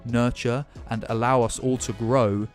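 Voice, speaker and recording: A man's voice: medium pitch, steady tone, measured pace, faint music behind. A man delivering an angry, impassioned vlog rant as a gaming YouTuber, sarcastic and swearing often. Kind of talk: ranting vlog commentary.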